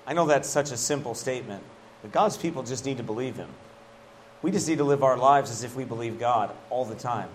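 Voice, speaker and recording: A man's voice: medium pitch, fairly quick, slight background noise. A middle-aged man preaching a sermon as pastor, folksy and emphatic, often dropping a casual "man" into his lines.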